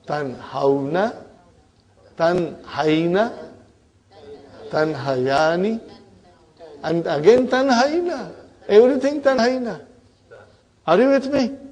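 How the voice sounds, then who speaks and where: A man's voice: fairly high pitch, a little mellow. A man teaching an Arabic grammar class, drilling verb forms aloud and checking on his students with "huh?" and "brother".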